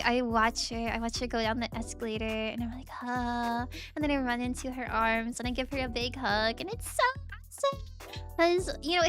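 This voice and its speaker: A young woman streamer telling a rambling, animated travel story with frequent giggles and restarts. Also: high voice. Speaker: VTuber streamer. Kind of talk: casual storytelling recap.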